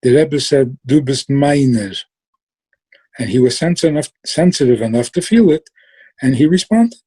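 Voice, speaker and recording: A man telling a story in a relaxed way, slow and reflective, trailing off and restarting and sometimes acting out the people in it. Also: on the high side, breathy edge. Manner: acts out quoted voices with sudden outbursts.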